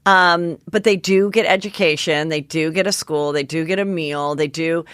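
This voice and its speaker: A woman in her forties hosts a casual gossip podcast with a fairly low voice. She talks animatedly, stumbling and restarting as she jumps between stories. The sound is dry and close. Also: fairly even intonation, normal speed, a bit bright, smooth, dry recording. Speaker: podcast host.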